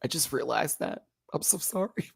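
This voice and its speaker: A man hosting a casual live-stream review, chatty and sassy, calling viewers honey and child, often swooping up into high exclamations. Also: lively intonation, moderate pace, creaky, slightly rough, no echo, clean studio sound. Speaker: show review host.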